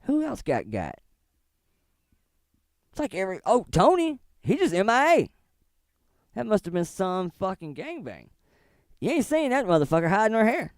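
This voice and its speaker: A man's voice: high voice, wildly swooping pitch, moderate pace, pauses often, no echo, studio quality. A middle-aged man giving casual, profane commentary on online drama, rambling and laughing often as he talks. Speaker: commentary streamer.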